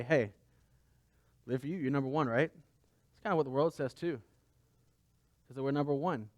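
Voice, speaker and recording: Man pastor, sermon, fairly high voice, dry close sound. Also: no room sound. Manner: conversational preaching with rhetorical questions.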